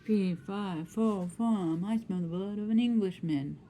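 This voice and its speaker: A woman voicing a huge, hungry male giant in a storybook reading, chanting in a booming way. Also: a little slow, dark tone, slight background noise, lightly acted, rough recording.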